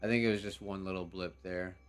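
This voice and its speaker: A young man hosting a game stream speaks quickly and smoothly in a low voice with fairly even intonation. He's relaxed and rambling, tossing out slang and laughing as he reacts, while faint music plays underneath.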